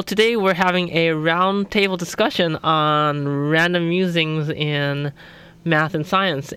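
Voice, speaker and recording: A man's voice: fairly high pitch, sharp tone, smooth. A man hosting a radio talk show in a studio, asking questions in an easygoing, informal way.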